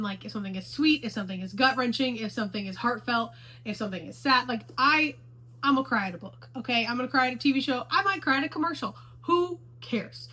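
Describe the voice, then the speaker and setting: Bright, gushing woman book vlogger. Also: fairly high pitch, poor audio. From Houston, Texas area. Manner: gushing and enthusiastic, repeats herself for emphasis. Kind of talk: casual chat to camera.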